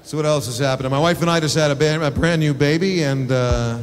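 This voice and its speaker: A man performing stand-up comedy, telling crude, exasperated stories with quick acted asides. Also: fairly high pitch, crowd noise. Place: theater stage. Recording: live show in a large hall, audience noise.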